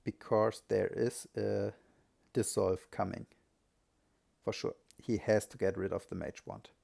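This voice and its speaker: A man's voice: fairly low pitch, steady tone, a little slow, gravelly, mellow. A man giving live solo commentary on a strategy game, thinking aloud and often correcting himself.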